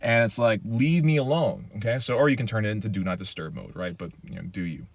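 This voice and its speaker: Low-pitched male pastor, casual Q&A, lively and talkative, dry close-mic sound. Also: quick pace, creaky, dry recording. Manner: animated, chatty, says "okay?" often. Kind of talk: casual Q&A chat.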